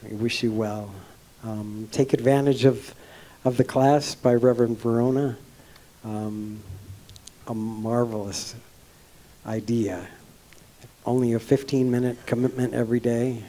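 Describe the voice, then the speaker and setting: A man leading a church service, giving announcements in a halting, warm-hearted way with many ums and uhs. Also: medium pitch, steady tone. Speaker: service leader.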